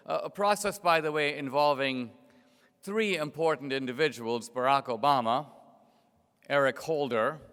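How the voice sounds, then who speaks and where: Middle-aged guy giving a sardonic storytelling speech, smooth resonant voice, big echoey hall. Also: medium pitch, a bit bright. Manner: storytelling, sardonic, rhetorical questions. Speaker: invited speaker. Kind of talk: political speech to an audience. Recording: long reverb of a large hall.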